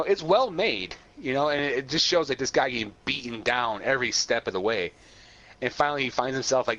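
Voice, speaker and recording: Laughing, swearing male podcast co-host, lo-fi. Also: medium pitch. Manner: animated retelling, swears, laughs often, stammering restarts. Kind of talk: casual chat. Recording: dull lo-fi sound.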